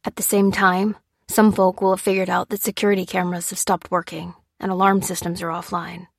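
A woman's voice: fairly low pitch, level tone, fairly quick, vocal fry, dry recording, studio quality. A woman reading the lines of a tense adult man, clipped and insistent, in a storybook reading. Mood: urgent.

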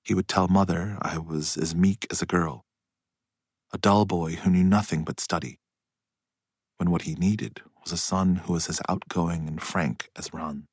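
A man reading a literary story aloud in a slow, hushed and reflective way. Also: low voice, fairly even intonation, breathy edge, dry recording. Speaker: audiobook narrator. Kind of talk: literary audiobook narration.

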